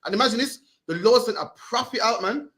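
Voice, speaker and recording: A man leading a Bible class in a fast, slangy style, tacking "man" onto his lines and urging the reader on. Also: very high-pitched, fairly bright tone. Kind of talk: lively street-style Bible teaching.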